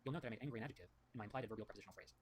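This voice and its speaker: A man's voice: lowish voice, rapid-fire, background noise. A man hosting his own show, reading emails aloud and thinking through grammar points, often correcting himself mid-sentence. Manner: rambling, self-correcting, reads quotes aloud. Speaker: host reviewing writing feedback.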